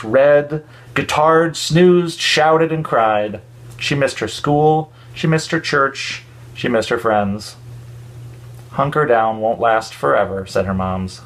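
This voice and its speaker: A man reading a children's story aloud for a church, expressive with dramatic pauses. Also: on the high side.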